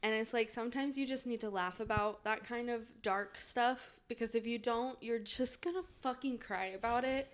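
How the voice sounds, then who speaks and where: A woman's voice: fairly high pitch, normal speed, few pauses. A woman co-hosting a podcast in casual chat, giggly and swearing freely. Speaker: podcast co-host.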